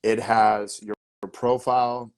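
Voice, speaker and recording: A man as a podcast guest, giving energetic marketing advice in an emphatic way, often repeating words and asking rhetorical questions. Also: mid-range voice, takes it slowly, smooth. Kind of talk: energetic marketing coaching talk.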